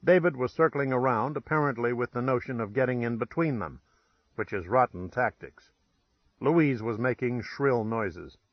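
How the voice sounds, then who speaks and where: A man's voice: mid-range voice, moderate pace, dry recording, dull audio. A man reading a first-person crime novel aloud in a dry, wry storytelling manner. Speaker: audiobook narrator. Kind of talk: scripted first-person narration.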